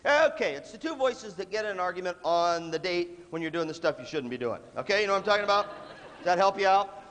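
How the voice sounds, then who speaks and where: A man giving a humorous talk on leadership, telling stories and acting out voices in an animated, jokey way. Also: high voice, fast. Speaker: leadership speaker. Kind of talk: humorous storytelling talk to an audience. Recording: echoey hall, faint background noise.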